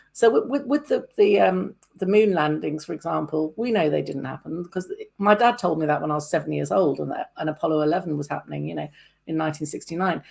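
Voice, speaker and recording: Brief: woman in her fifties, low and husky voice, interview host who rambles and restarts. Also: a little mellow. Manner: rambling, hesitant, many restarts. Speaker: podcast host. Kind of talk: casual interview chat.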